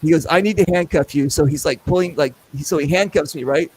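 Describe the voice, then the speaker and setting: A middle-aged man with a slightly high voice hosts a casual show. He tells anecdotes in an animated way, acting out other people's lines as he goes. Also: quick pace, a little hiss or hum, poor audio. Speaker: podcast host. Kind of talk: casual storytelling.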